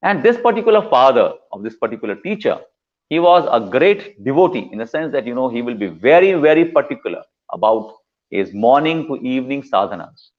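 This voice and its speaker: A man's voice: medium pitch, very animated, a little fast, dull audio. A man, a guest speaker giving a devotional storytelling talk in an earnest way, repeating words for emphasis. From India.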